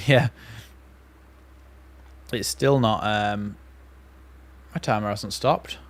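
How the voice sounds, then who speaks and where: A man's voice: fairly low pitch, drawn-out words. A man hosting a live football watchalong, calling the play and reacting as a fan. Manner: excitable fan commentary, calls play by play. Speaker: watchalong host.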